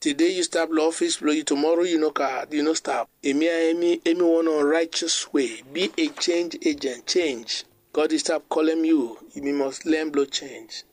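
A man's voice: fairly high pitch, fairly even intonation, no echo. Man preaching in creole-tinged English. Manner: preaches in a creole-mixed English, quoting scripture slowly. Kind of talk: sermon.

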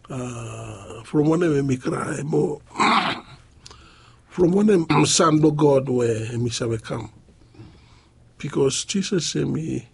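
A man preaches a sermon in a slow, husky voice. He halts often, filling the gaps with short pauses before he goes on. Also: on the high side, a little mellow. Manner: halting, with frequent pauses and fillers.

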